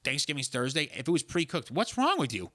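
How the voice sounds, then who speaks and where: A man's voice: a little high, big pitch swings, fast talker, pushed and bright, dry recording, studio quality. A young man telling a story in a casual chat, sarcastic and profane. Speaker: podcast co-host.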